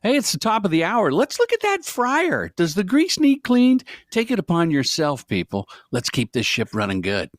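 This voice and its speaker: A man's voice: high voice, huge pitch swings, normal speed, few pauses, no room sound, clean studio sound, pitched above the performer's own voice. A man putting on a hyped restaurant announcer guy. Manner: loud, bossy, hyped. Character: pumped-up male fast-food back-of-house announcer.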